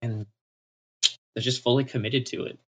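A man from Texas, a podcast guest telling stories with animated, self-mocking humor. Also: medium pitch, normal speed. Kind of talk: casual chat.

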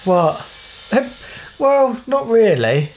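Lively, slow-talking podcast co-host man. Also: sits high, slight background noise. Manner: laughs often, teasing. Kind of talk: casual chat.

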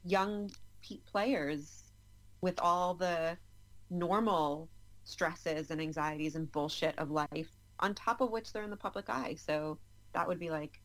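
A woman's voice: on the low side, rough recording. A woman co-hosting a football podcast, talking through her views in a casual, thoughtful way. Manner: thoughtful, chatty, quick to laugh. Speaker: podcast co-host. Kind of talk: casual chat.

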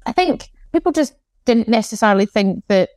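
A woman's voice: fairly high pitch, expressive, a little fast, a little mellow, no echo. A Scottish woman in her forties, a guest in a casual interview, talking candidly with self-deprecating, dry sarcastic humour. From Scotland. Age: 40s.

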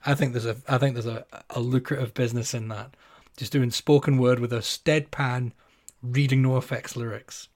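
A man's voice: medium pitch, steady tone, moderate pace, a little mellow. A man co-hosting a podcast, talking fondly about an album in an amused, easygoing way. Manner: amused, fond, laughs easily. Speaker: podcast co-host. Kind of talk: casual album review chat.

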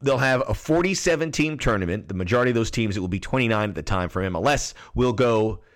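A man of ordinary pitch hosting a soccer podcast. He talks casually and at length, often restarting his sentences as he moves between a chat with his guest and his own solo commentary. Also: expressive, fast. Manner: rambling, chatty, restarts often. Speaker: podcast host.

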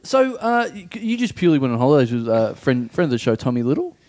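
A man's voice: mid-range voice, expressive, quick pace, darkish tone. A man hosting a comedy podcast, teasing the guest with hesitant questions. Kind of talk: casual comedy chat.

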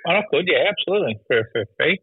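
A man's voice: on the high side, lively intonation, racing, husky, no echo, narrow, tinny audio. An Australian man co-hosting a podcast, talking in an easygoing way with dry, self-mocking humour. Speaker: podcast co-host. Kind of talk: casual chat.

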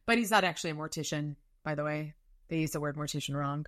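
A woman podcast co-host reading a novel aloud in a lively, animated way. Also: low voice, fast.

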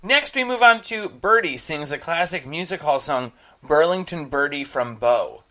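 A podcast co-host with a bright, forward voice that swoops animatedly as they recap an episode. Enthusiastic and opinionated, they swear freely in casual chat. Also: mid-range voice, expressive, moderate pace.

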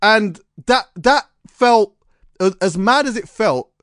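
A man, hosting a podcast and telling stories in an animated, slangy way. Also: high-pitched, slow pace, dry recording, studio quality. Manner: animated storytelling with slang and restarts. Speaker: podcast host. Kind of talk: casual chat.

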